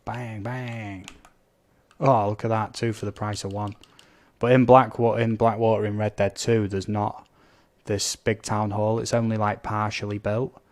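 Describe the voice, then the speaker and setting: A man's voice: fairly low pitch, level tone, moderate pace, a little mellow. A man chatting casually as he streams a game, reading out viewer comments and blurting out little sound effects. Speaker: gaming live streamer.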